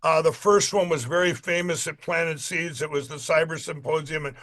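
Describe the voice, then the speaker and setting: High bright-voiced man telling stories. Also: steady tone, normal speed. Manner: emphatic, repeats himself, acts out other people's lines. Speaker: interview guest. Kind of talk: animated storytelling.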